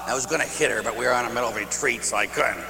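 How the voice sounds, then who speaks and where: A man's voice: medium pitch, rapid-fire, gravelly, pushed and bright. A man who is a priest, preaching in a conversational storytelling way with self-mocking humor. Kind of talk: storytelling sermon. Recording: echoey hall with faint hum.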